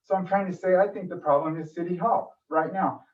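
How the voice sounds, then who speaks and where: A man's voice: high-pitched, fairly even intonation, a little fast. Impassioned man pleading at a meeting. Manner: emotional, pleading, frustrated. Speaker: public commenter at a city meeting. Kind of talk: impassioned public comment. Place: council meeting room. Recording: distant dull room mic.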